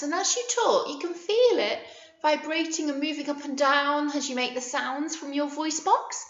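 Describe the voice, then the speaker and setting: A woman, a nursery teacher leading a playful, animated video lesson for small children. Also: high voice. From England. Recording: echoey, slightly muffled room recording.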